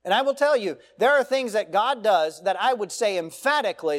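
A middle-aged pastor delivers a sermon in a voice that sits high for a man. He preaches earnestly and emphatically, leaning on rhetorical questions to draw listeners in. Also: animated, fairly quick, few pauses.

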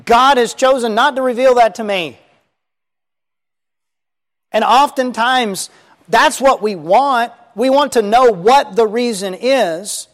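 High-voiced preacher in a reverberant hall. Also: male voice, slow pace, long pauses, a bit bright. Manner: earnest, emphatic, repeats key points. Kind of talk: sermon.

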